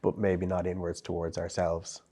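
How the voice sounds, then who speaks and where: A man's voice: sits low, completely flat delivery, normal speed, dark tone, breathy edge. An Irish man, a psychologist and psychotherapist, talking through ideas in a conversational interview, often repeating words as he thinks. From Ireland. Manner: thoughtful, with frequent repetitions and restarts.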